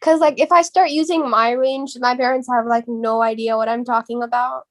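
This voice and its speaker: Teen girl from the us, really high voice, lots of um and like, podcast chat. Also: steady tone, normal speed. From United States. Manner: filler-heavy, hesitant. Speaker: podcast co-host. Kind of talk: casual chat.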